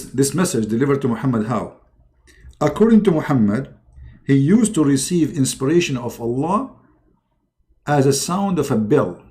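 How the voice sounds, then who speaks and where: A man giving mocking commentary in a halting delivery with many fillers. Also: mid-range voice, darkish tone. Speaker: religious debate streamer.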